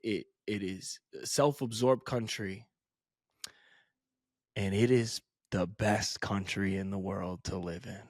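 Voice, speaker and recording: A man's voice: lowish voice, a little mellow, no room sound, studio quality. An American man co-hosting a podcast, ranting emphatically and swearing in opinionated casual chat. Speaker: podcast co-host. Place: podcast studio.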